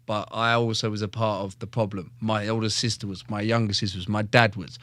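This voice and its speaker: Speaking fairly quickly in a flat, fairly low voice with a fairly bright tone and no echo, a male professional fighter shares his life story as a podcast guest. The casual storytelling is blunt, profane and jokey, with frequent stumbles and repeated words.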